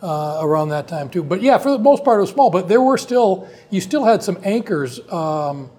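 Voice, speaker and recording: Man telling a long story, slightly high voice. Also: very animated, moderate pace, a little mellow, husky. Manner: long rambling anecdotes with frequent restarts. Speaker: guest, company co-founder. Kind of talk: casual storytelling in conversation.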